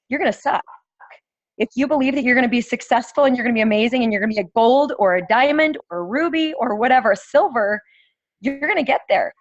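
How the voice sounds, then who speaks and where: A woman sharing earnestly on a group call from her phone, her voice hoarse from yelling. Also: on the high side, no room sound. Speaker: team member on a group call. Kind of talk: casual sharing on a video call. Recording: dull lo-fi phone audio.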